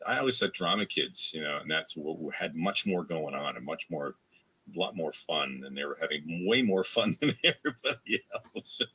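A Canadian voice actor, appearing as a guest, answers interview questions in a rambling, casual way full of restarts and fillers. His voice is animated, husky, pushed and bright at a moderate pace, and he imitates quoted fans in a higher voice.

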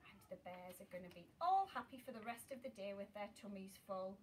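A woman teacher reading a children's story aloud, animated, with dramatic gasps and suspenseful whispers. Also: mid-range voice, fairly quick, distant mic, a little hiss or hum. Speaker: primary school teacher.

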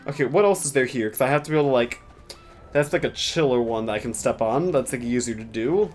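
A man's voice: medium pitch, fast. A young man giving casual gameplay commentary as a streamer, chatty and sarcastic, swearing often and slipping into mock-dramatic asides.

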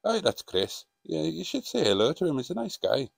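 A man's voice: on the high side, very animated, moderate pace, vocal fry, husky, no room sound, studio quality, pitched above the performer's own voice, heavily acted. A man voicing a friendly male Scottish barman with a Scottish accent in a retold story.

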